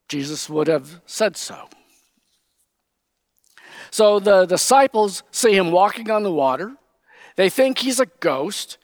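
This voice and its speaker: A man preaching a sermon, teaching slowly and with emphasis, raising his voice when he quotes. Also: high voice, no echo. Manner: slow, emphatic Bible teaching, quoting figures in raised voice.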